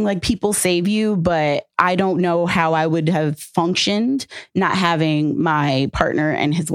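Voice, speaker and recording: A woman on a podcast, candidly telling a personal story in casual chat, animated and full of fillers. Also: lowish voice, no echo. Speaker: podcast guest.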